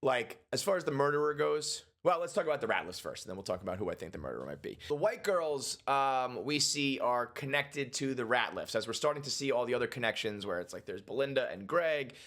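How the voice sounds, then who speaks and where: A man giving a casual reaction and breakdown of a TV episode, animated and swearing freely, acting out characters' lines in quick voices. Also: mid-range voice. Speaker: TV show reviewer.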